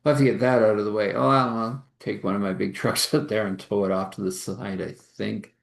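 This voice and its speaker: A man's voice: lowish voice, level tone, fairly quick, creaky, reverberant. A man voicing a practical, matter-of-fact chief who rambles through his plans.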